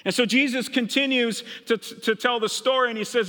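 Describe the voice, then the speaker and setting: Middle-aged pastor from minnesota, storytelling sermon, bright tone, big echoey church. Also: male voice, very high voice, brisk, few pauses. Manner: storytelling preacher, voices characters' thoughts.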